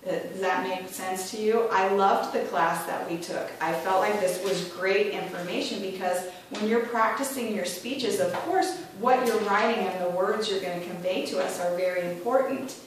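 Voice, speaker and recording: A woman's voice: mid-range voice, moderate pace, hardly any pauses, a little hiss or hum. A middle-aged woman giving a prepared speech to a club, chatty, acting out voices when she quotes people. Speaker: club speaker. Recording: echoey room from far off.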